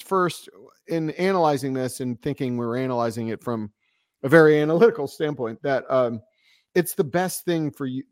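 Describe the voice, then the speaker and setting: A man co-hosting a sports podcast, relaxed and reflective in casual chat. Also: a little high, no echo, studio quality. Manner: relaxed and reflective, chuckling often. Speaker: podcast co-host.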